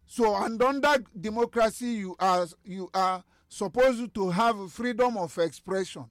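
A man speaking as a guest on a radio talk show, halting with restarts, then pressing emphatic questions. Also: high-pitched, no echo, clean studio sound. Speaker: studio guest.

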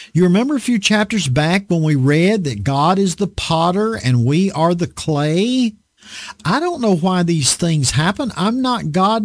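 A man preaching an online Bible study sermon, slow and deliberate, drawing out words for emphasis. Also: fairly high pitch, no room sound, studio quality.

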